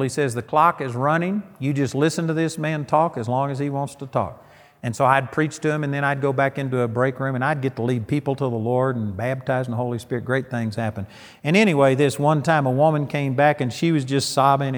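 A man's voice: mid-range voice, fairly quick, big-room sound. A middle-aged man preaching a sermon, telling folksy stories and landing emphatic punchlines.

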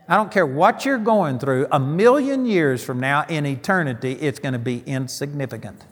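A man's voice: on the high side, lively intonation, moderate pace. Folksy preacher man in a big hall. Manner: folksy storytelling, emphatic punchlines. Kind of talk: sermon.

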